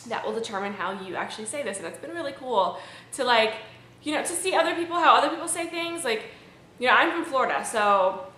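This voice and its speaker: Woman vlogger from Maryland, high and bright, chatty and rambling, echoey room. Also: expressive, fast. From Maryland, USA. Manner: chatty, rambling, with frequent ums. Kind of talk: casual chat to camera.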